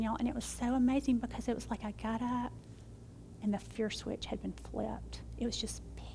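A woman's voice: on the high side, slight background noise. A middle-aged woman, telling a faith story and leading a prayer in a devotional teaching. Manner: warm storytelling, shifts between excited and hushed. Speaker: Bible study teacher.

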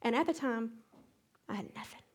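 A middle-aged woman teaching a Bible study, retelling a hectic day as an animated testimony with sound effects. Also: fairly high pitch, moderate pace, husky.

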